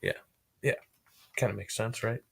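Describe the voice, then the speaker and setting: A man's voice: on the low side, fairly even intonation, moderate pace, gravelly, fairly bright tone, husky. A man live-streaming, chatting casually in a rambling way and swearing freely.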